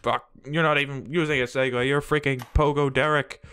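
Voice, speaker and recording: A young man doing let's play commentary on a game, frantic and swearing, yelling at the game as he plays. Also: medium pitch, flat delivery, fairly quick, smooth. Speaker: gaming video host.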